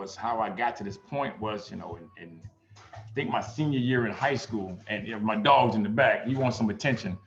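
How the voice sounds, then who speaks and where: A man's voice: lowish voice, echoey room, highs cut off. A middle-aged man from the US Midwest, an instructor telling personal stories in a loose, profane, casual way. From Gary, Indiana, US Midwest. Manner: loose, profane, storytelling with quoted voices.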